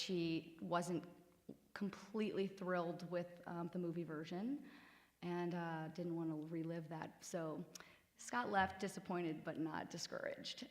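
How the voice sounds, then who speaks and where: A woman guest on a live radio interview at a theater, animatedly telling a story and acting out quotes. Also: lowish voice. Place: theater venue, live broadcast. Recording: long hall reverb.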